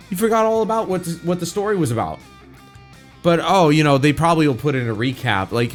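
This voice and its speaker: Man casually reacting to a game trailer. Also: mid-range voice. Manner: rambling, candid, frequent restarts and filler words. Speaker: reaction video host. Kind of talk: casual spoken reaction commentary.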